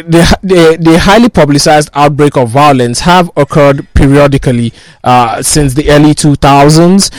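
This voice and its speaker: Halting man hosting a talk. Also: a little high, no room sound, poor audio. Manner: halting, many fillers and restarts. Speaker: host. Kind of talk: casual discussion.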